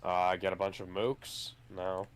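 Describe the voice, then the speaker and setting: Laid-back man with a smooth, low voice. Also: flat delivery, a little slow. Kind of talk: casual let's-play chat.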